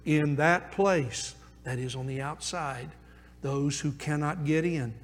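A male pastor preaching a sermon, moving between loud urging and hushed intensity as he presses his points. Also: fairly high pitch, slow, long reverb tail.

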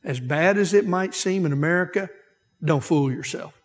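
A man with a fairly high voice preaches an emphatic sermon as pastor. He repeats key phrases and stretches out words to drive them home. His voice rings with the long reverb of a church hall. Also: moderate pace.

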